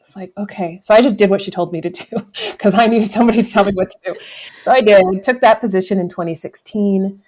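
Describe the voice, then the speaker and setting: A woman's voice: medium pitch, fast, a little mellow. A woman in her thirties from the United States, a podcast guest telling a personal story in a candid, reflective way, often correcting herself and laughing. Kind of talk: conversational storytelling.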